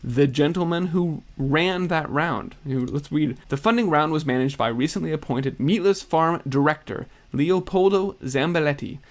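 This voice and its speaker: A man narrating news commentary, reading quotes aloud in a quick, pointed way. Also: on the high side. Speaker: video narrator.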